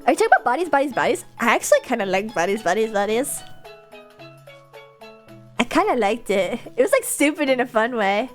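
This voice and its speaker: A young adult woman chatting casually as a livestreamer, answering viewers' comments in an animated, chatty way with frequent laughter and casual swearing. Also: a little high, brisk, long pauses, soft background music.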